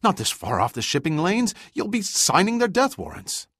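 An outraged ship captain pushing his voice up high and loud in protest, as a male narrator plays him. The sound is dry and close. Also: wildly swooping pitch, moderate pace, no room sound, exaggerated voice. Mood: pleading. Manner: pleading, raised voice.

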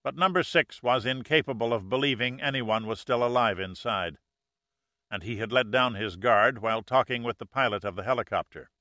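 A man reads an action novel aloud with steady, measured pacing. His voice has a bright, forward tone and sits at a middle pitch. The recording is close and dry. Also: dry recording. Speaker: audiobook narrator. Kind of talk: scripted narration.

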